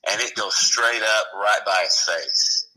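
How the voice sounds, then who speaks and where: A man's voice: fairly low pitch, unhurried, sharp tone, low-quality recording. A middle-aged man, a former firefighter, telling rambling station anecdotes in casual conversation. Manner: rambling, self-correcting, chuckling anecdotes. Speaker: retired firefighter guest. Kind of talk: casual storytelling interview.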